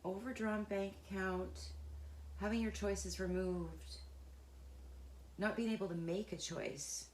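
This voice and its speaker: A woman giving an unscripted, intuitive tarot reading, earnest and emotionally involved, talking in a halting, searching way with pauses and restarts. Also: mid-range voice, steady tone, reverberant, a little hiss or hum. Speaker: tarot reader.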